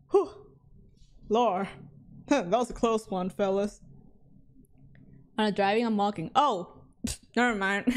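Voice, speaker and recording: Slow-talking woman reacting to a horror game. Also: medium pitch, a little mellow. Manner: jumpy, dramatic reactions with frequent laughs; talks to chat. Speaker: streamer. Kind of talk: live game commentary.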